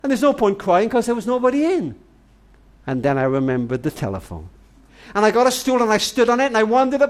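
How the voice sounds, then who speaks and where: A man telling a long tender story on a family radio program, addressing the listener as "darling" and slowing right down to hushed words for emphasis. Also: high voice, wildly swooping pitch. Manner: tender, dramatic storyteller, often says "darling"; slows and drops to near-whisper for emphasis. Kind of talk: storytelling talk.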